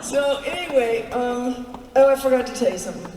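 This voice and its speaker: A woman's voice: a little high, expressive, fairly quick, noisy background. A woman on stage telling a long story between songs, chatty and wry, full of asides. She is heard from far off in a large arena. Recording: distant audience recording in an echoing arena. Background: crowd ambience.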